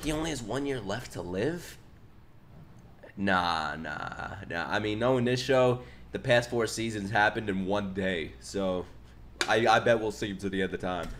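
A young man giving profane, excitable reaction commentary on an anime, breaking into loud laughs and shouts. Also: on the low side, unhurried, a little hiss or hum. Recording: anime soundtrack playing loudly behind.

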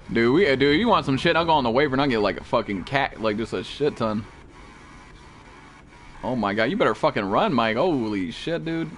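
Male gaming streamer, animated and profane, jumpy shouts, faint music underneath. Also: medium pitch, moderate pace, long pauses. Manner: excitable, swears constantly, frequent startled outbursts. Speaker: gameplay streamer. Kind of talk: profane live gameplay commentary. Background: faint background music.

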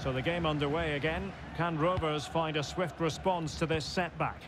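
Man doing a TV football commentator, formal play-by-play, high voice, game audio with noise behind. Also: fairly even intonation, close to an everyday voice. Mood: measured. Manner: measured, formal broadcast delivery. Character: polished male TV football commentator.

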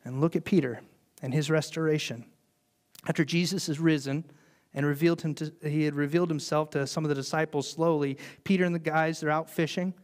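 A man preaching a sermon as pastor, telling the story in an animated way and briefly acting out the voices of the people in it. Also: fairly high pitch, brisk. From United States.

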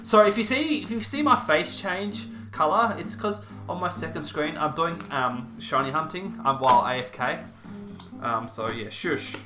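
A man's voice: on the high side, lively intonation, normal speed. A young man chatting casually through an unboxing, with playful, self-mocking asides. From Australia. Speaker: YouTuber. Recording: roomy echo, faint music.

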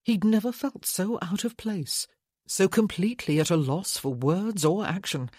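An audiobook narrator reading a romance novel in a measured way. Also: medium pitch, a little mellow, dry recording, clean studio sound. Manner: slow, measured. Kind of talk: scripted narration.

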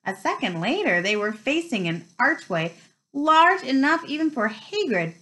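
A woman's voice: sits high, very animated, a little slow, pushed and bright, low-quality recording. A woman reading a children's novel aloud, telling the story expressively. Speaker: reader.

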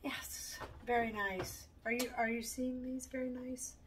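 A woman's voice: fairly high pitch, unhurried. A woman chatting casually while cooking at home in her kitchen, chatty and self-mocking, laughing often. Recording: distant mic with steady background noise.

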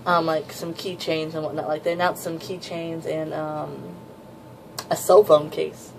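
A woman chatting casually as she pages through a new manga volume, rambling and gushing with excitement, with a slightly sore throat. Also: low-pitched, a little slow, vocal fry, slight background noise, poor audio. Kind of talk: casual unboxing chat.

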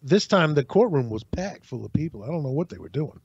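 Man, casual podcast storytelling, animated, dry close sound, slightly muffled. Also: a little high, brisk, husky, no room sound. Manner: animated, acts out voices in anecdotes.

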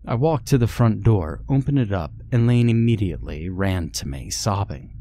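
Deep-voiced man narrating a horror story. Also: animated, normal speed, mellow.

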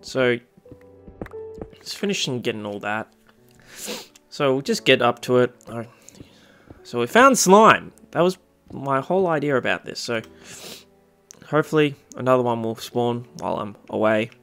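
A young man giving casual, rambling commentary over a game he is playing, full of fillers and excited outbursts. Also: normal speed, pauses often, faint music behind. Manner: rambling, excitable, bursts into squeaky cutesy voices. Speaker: Minecraft let's-play host.

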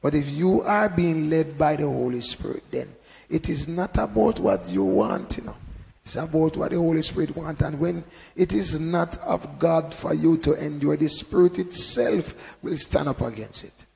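A Bible teacher gives an informal sermon in a strongly gravelly, creaky voice pitched a little above the usual. He speaks conversationally at a moderate pace with lively intonation, often saying "you know" before bursting into loud emphasis. A long hall reverb trails his words.

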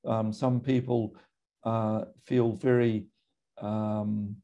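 A middle-aged Australian man, a GP, speaking in a measured, thoughtful way with frequent pauses and ums. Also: on the low side, level tone, warm tone, dull audio. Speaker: GP and medical association guest. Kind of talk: recorded conversation.

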